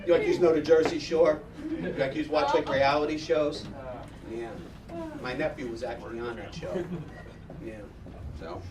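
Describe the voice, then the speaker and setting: A man's voice: a little high, moderate pace, long pauses. A middle-aged man doing a crude, profane stand-up routine, rambling and asking the crowd if they know what he means. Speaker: stand-up comedian. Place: live comedy venue with audience. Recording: echoey room, distant mic, loud crowd laughter.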